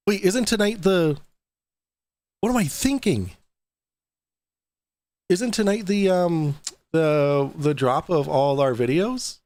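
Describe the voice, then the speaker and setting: A man's voice: fairly high pitch, takes it slowly, pauses often, darkish tone, no echo. A young adult man hosting a casual livestream, chatting loosely, reading out viewer donations and swearing now and then. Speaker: livestream host.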